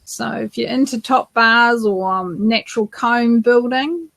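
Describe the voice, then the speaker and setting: Her voice is gravelly, a bit bright and on the high side, delivered at a measured pace with no echo. She's a New Zealander co-hosting a beekeeping podcast, chatting casually in a live Q&A full of fillers and restarts.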